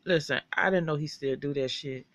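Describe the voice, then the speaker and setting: Gravelly, profane TV recapper. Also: mid-range voice, brisk, no echo. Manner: animated, profane, chatty storytelling. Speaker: TV show recapper. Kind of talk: casual episode recap.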